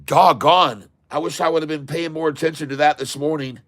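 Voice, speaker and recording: A man hosting a casual stock trading livestream, folksy and excitable, chatting to viewers while he trades. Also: on the high side, brisk, no echo. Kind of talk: casual live market commentary.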